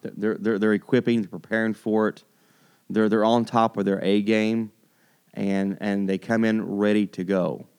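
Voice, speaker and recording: A man's voice: lowish voice, flat delivery, normal speed, darkish tone, clear, resonant tone. A man hosting a kids' church segment in an upbeat, casual way, stretching words for emphasis and repeating himself as he goes.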